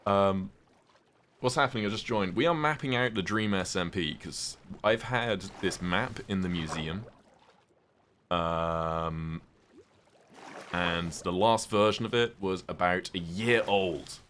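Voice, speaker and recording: A man with a very deep voice chats his way through a live game stream. He answers viewers' questions casually and swears now and then. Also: slow pace, fairly bright tone, slight background noise. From United Kingdom. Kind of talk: casual live-stream chat while gaming.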